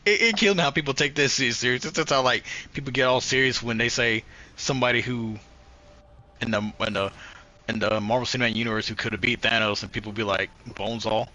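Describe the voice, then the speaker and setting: A man co-hosting a podcast in casual chat, animated and profane, laughing often as he jokes around. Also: medium pitch, fast, rough recording. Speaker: podcast co-host.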